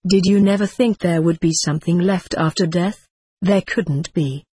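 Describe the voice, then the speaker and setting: Husky woman reading an audiobook. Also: fairly low pitch, normal speed, no echo. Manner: plain steady reading, reads punctuation and numbers aloud.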